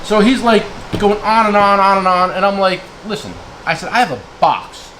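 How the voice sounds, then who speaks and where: A man's voice: high voice, moderate pace, fairly bright tone, slight background noise, poor audio. A man from New Jersey, a tool dealer, ranting heatedly to his viewers in a blunt, name-calling way, checking in with "okay?" again and again. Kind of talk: heated rant to camera.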